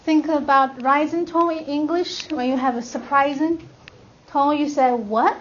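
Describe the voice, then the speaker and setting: A language teacher with a high-sitting voice speaks at normal speed with fairly even intonation as she instructs a class on pronouncing tones. She draws out and sings vowel sounds to demonstrate each one, captured in a lo-fi classroom recording with clear noise.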